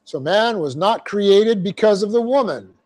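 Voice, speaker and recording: Unhurried and expressive, a man with a high-pitched, slightly mellow voice teaches a Bible class verse by verse. He lays out Greek grammar step by step, sprinkling in folksy asides and repeating phrases to stress them.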